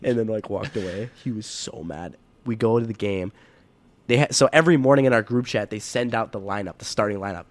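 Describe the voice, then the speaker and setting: A man's voice: lowish voice, a little fast, no room sound. A young man telling stories as a guest in a casual podcast chat, acting out the people in them. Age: young adult. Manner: animated storyteller who acts out people's voices.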